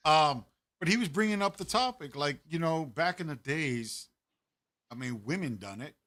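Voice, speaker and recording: A man's voice: a little high, normal speed. A middle-aged man hosting a podcast, chatting casually and putting questions to the audience. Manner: animated, poses questions to the audience, swears casually. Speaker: podcast host.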